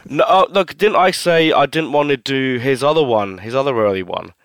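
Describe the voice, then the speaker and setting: A man's voice: mid-range voice, normal speed, a bit bright, clear, resonant tone, no echo. A man co-hosting a casual film chat, rambling with fillers and restarts and swearing freely. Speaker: podcast co-host.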